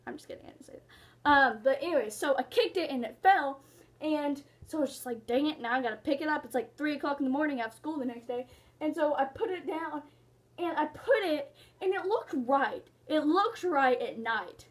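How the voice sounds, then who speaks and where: Casting: high-pitched woman, student host of her own vlog, giggly, jokey, rambling. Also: animated, moderate pace. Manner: jokey, giggly, talks in silly asides. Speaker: YouTuber hosting her own channel. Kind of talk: casual rambling vlog chat.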